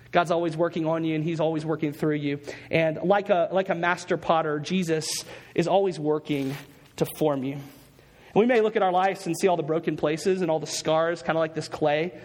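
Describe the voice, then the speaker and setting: Pitched high for a male voice, this pastor gives a heartfelt sermon and keeps circling back to his main phrases to drive them home. Everything echoes with the lingering reverberation of a church sanctuary.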